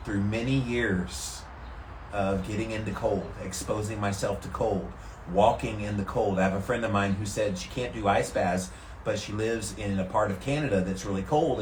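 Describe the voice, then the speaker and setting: A man vlogging from an ice bath, talking calmly and steadily to the camera. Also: lowish voice, normal speed, echoey room, a little hiss or hum. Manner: calm and steady, relaxed despite the cold. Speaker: vlogger doing a daily ice bath challenge. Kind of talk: casual talk to camera. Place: sitting in an ice bath tank.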